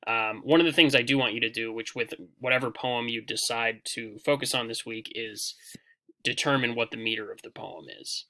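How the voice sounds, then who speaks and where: A man giving a recorded poetry lecture over slides, explaining in a relaxed way with frequent fillers and restarts. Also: mid-range voice, normal speed. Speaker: teacher.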